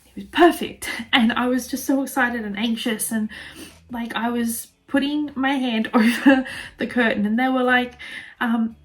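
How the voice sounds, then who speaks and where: A young woman with an Australian accent, talking to camera in a loose, conversational way. Her voice sits slightly high, and she rambles warmly through her story with plenty of fillers. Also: fairly even intonation, unhurried. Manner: chatty, many fillers, emotional and laughing. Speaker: vlogger. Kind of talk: casual personal storytelling.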